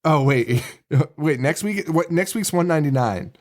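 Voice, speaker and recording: A man's voice: a little high, expressive, normal speed, a little mellow. A man co-hosting a podcast, chatting casually about a horror movie, rambling with lots of fillers and frequent laughs. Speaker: podcast co-host.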